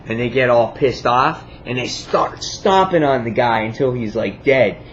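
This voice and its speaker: A man's voice: medium pitch, measured pace, highs cut off, a little hiss or hum. A man giving a casual comic book review, enthusiastic and rambling, full of fillers and acted-out quotes.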